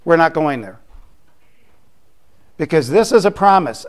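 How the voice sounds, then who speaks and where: Slow, emphatic preaching man, higher voice. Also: very animated. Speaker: pastor. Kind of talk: sermon.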